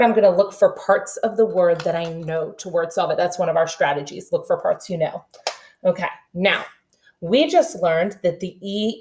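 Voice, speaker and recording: A woman teaching a kindergarten reading lesson, slowly sounding out letters and words for young children. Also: lowish voice, darkish tone, a little hiss or hum.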